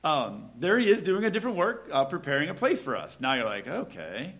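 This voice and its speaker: A man preaching a casual sermon, reading scripture slowly and acting out small everyday dialogues in a conversational way. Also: a little high, very animated, a bit bright. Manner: conversational, acts out little dialogues, slows for scripture.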